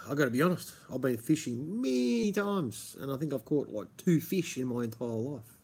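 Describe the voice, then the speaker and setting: A man's voice: mid-range voice, animated, moderate pace, creaky, a little mellow, breathy edge. A man with a broad Australian accent, chatting and rambling casually as a stream host, swearing freely and calling everyone mate. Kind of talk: casual chat.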